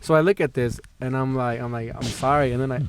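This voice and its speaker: Fast-talking young man telling a story. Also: medium pitch, darkish tone, a little hiss or hum. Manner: rambling, swearing, laughing, lots of "dude" and "like". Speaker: podcast guest. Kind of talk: casual storytelling.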